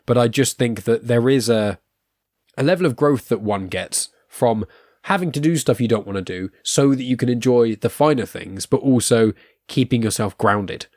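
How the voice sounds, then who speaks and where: A man in his twenties hosts a podcast in a clean, dry studio recording, his mid-range voice slightly mellow at a moderate pace. He rambles casually, interrupting and restarting himself often and laughing frequently.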